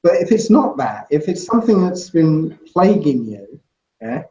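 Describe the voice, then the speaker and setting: Rambling male guest, slightly high voice, echoey and dull lo-fi recording. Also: big pitch swings, measured pace, mellow. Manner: rambling, full of "you know" and "right?". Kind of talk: casual interview chat. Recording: roomy, muffled lo-fi sound.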